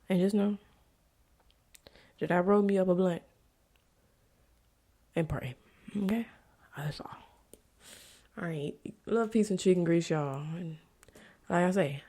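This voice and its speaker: A young adult woman hosting her own podcast, talking candidly and bluntly about her life, with frequent profanity and stretches where she drops to a soft whisper. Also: lowish voice, measured pace, pauses often. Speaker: podcast host. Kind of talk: candid confessional monologue.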